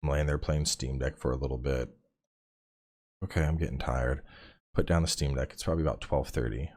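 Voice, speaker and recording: A man's voice: rumbling low, a little fast. A man in his thirties, a podcast guest and game streamer, chatting casually and acting out voices in his stories, swearing freely. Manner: animated storytelling, acts out quotes, swears casually. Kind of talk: casual chat.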